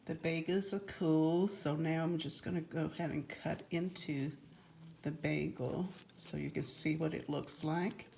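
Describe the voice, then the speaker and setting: A woman hosting a home cooking video, talking in a homey, unhurried way as she shows her baking. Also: low-pitched, steady tone, creaky, darkish tone, slight background noise. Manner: homey, unhurried, repeats itself. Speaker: cooking channel host. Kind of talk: casual cooking demonstration.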